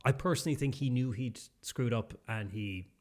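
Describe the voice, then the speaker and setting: A man's voice: medium pitch, normal speed. A young adult man with an Irish accent, a podcast co-host chatting casually and rambling through a story with many restarts. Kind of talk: casual chat.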